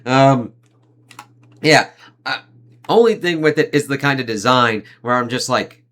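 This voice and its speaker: A man giving a casual, loose review of an anime season, swearing freely and leaning on fillers like "like" and "uh", with quick impressions of the characters he talks about. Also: mid-range voice, fairly bright tone. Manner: rambling, profane, heavy on fillers like "like" and "uh".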